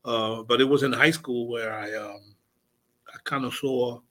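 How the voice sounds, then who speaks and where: A man's voice: medium pitch, fairly even intonation, unhurried, pushed and bright. A man who grew up speaking Spanish at home, hosting a casual radio talk, hesitant and full of restarts. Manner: hesitant, many restarts and uhs.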